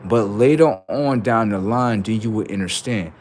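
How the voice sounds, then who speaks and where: A man's voice: on the low side, normal speed, darkish tone, a little hiss or hum. A man livestreaming, telling a story in casual, slangy speech and repeating phrases for emphasis.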